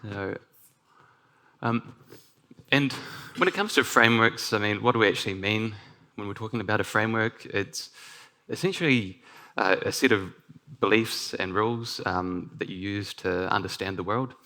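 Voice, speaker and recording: A man with a New Zealand accent presents at a conference. His voice sits a little low, with a gravelly, bright edge. He talks in a loose, relaxed way, full of ums and self-corrections. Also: moderate pace. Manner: relaxed, with frequent ums and restarts. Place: conference stage.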